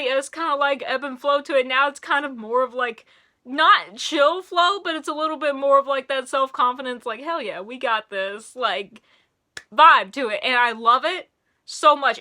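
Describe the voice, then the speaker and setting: A young woman rambling excitedly through a casual music review, gushing and sometimes singing along. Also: sits high.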